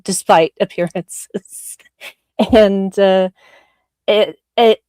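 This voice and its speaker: A woman's voice: fairly low pitch, a little mellow, clear, resonant tone, dry recording, clean studio sound. Earnest, heartfelt woman co-host. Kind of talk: casual chat.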